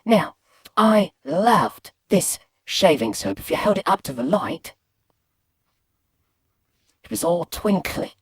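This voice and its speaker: A woman animatedly telling a comic childhood story, shifting from hushed asides to loud excited bits. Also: fairly low pitch, takes it slowly, long pauses, slightly rough. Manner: lively, swings between hushed and loud bits.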